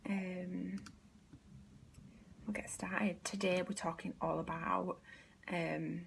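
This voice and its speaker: A woman's voice: lowish voice, little pitch movement, slow pace, creaky, long pauses, a little hiss or hum. A woman hosting a casual live stream as a business coach, chatty and rambling, with many fillers and half-whispered asides.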